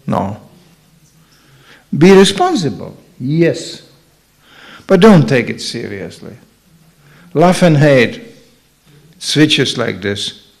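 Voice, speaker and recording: Older man giving a joking sermon. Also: a little high. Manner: jokey, acts out quoted voices. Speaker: spiritual teacher. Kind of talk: humorous sermon.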